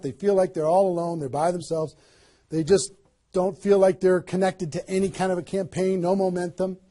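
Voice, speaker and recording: High-voiced, husky male seminar trainer. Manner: energetic, emphatic, asks rhetorical questions. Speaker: network marketing trainer. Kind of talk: motivational seminar talk.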